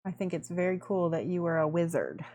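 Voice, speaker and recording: A woman's voice: lowish voice, lively intonation, fairly quick, mellow. A woman hosting a miniature painting livestream, chatting effusively and thanking viewers by name while she works.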